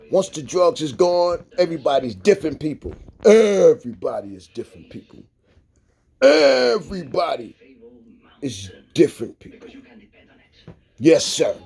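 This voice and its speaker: Here the middle-aged vlogger's voice is mid-range, husky, and a touch mellow. He preaches to viewers in an impassioned, swearing monologue, using street slang and ending phrases with "man" and "you dig."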